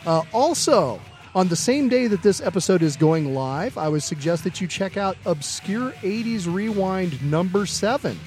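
A man's voice: high-pitched, expressive, normal speed, a little mellow, soft background music. A man co-hosting a podcast, chatting casually and telling jokes, swearing freely and using a lot of fillers. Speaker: podcast co-host. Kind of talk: casual chat and joke telling.

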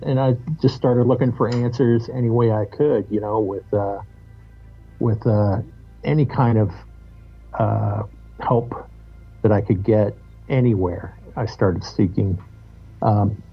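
A man's voice: lowish voice, breathy edge. A man being interviewed as a guest musician on a podcast, talking in a candid, reflective and loose way, swearing now and then. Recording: muffled lo-fi audio.

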